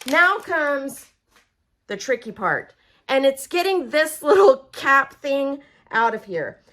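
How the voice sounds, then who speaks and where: Her voice sits high, with big pitch swings, a slow pace and a fairly bright tone. She's a product demonstrator from Oklahoma, folksy and talkative in a casual how-to, addressing viewers straight on like friends.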